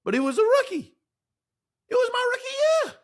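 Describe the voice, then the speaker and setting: Brief: man playing a young pro quarterback, defensive and fed up, higher register, animated. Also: normal speed, exaggerated voice. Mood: indignant. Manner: exasperated, rhetorical questions.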